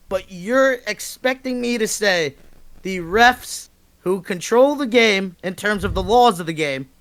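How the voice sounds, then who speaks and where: A man co-hosting a sports podcast, ranting passionately and emphatically, with swearing and bursts of near-shouting. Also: extremely high pitch. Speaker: podcast co-host. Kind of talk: heated sports talk rant.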